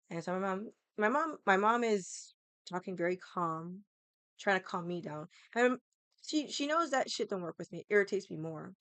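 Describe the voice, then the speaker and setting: A woman's voice: mid-range voice, animated, moderate pace, a bit bright, dry recording. A woman livestreamer telling a story in casual, rambling speech, swearing constantly as she talks. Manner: restarts and fillers, loosely paced.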